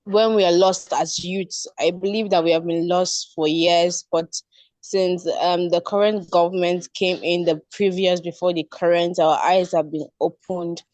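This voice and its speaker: A woman's voice: lowish voice, a little mellow, no echo. A woman, from Nigeria, commenting politely and earnestly as a participant on a video call. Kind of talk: online webinar comment.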